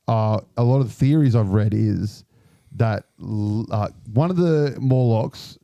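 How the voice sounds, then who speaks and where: Man co-host with a very dark, mellow tone, easygoing and chatty, dry sound. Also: lowish voice, measured pace, gravelly, no room sound, highs cut off. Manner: relaxed, chatty, shares details and theories. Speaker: podcast co-host. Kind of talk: casual chat.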